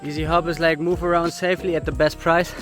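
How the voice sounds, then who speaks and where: A man's voice: fairly high pitch, level tone, quick pace, fairly bright tone, faint music behind. A man with German as his first language, chatting casually as a travel vlogger outdoors on a hiking trail, out of breath from the climb and laughing often.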